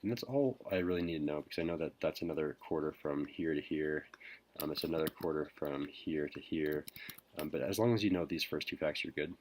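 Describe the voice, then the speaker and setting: A man's voice: rumbling low, a little fast, a little hiss or hum. Whispering man teaching math. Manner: whispering softly; hesitant, many ums. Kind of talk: recorded math lesson.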